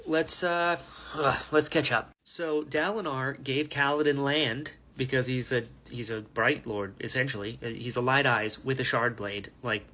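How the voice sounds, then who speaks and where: A young man hosting a casual book reaction, chatty and animated, acting out quotes as he recaps. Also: mid-range voice, a little slow.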